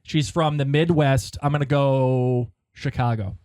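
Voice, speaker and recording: Excitable podcast guy, even middle pitch, dry close sound. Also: clean tone, no echo. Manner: excitable, fast talking with frequent restarts. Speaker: podcast co-host. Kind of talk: casual chat.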